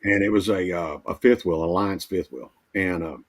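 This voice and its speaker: A man's voice: low-pitched, normal speed. A man working as a mobile RV technician, telling folksy repair stories in casual conversation over a livestream call. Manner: easygoing, folksy anecdotes. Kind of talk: casual storytelling.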